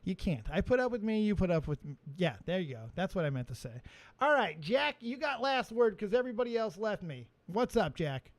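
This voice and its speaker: Loud, very high-pitched, crude male host. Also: sing-song, fairly quick, dry recording. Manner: loud, crude and teasing, often yelling. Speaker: show host. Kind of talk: crude livestream banter.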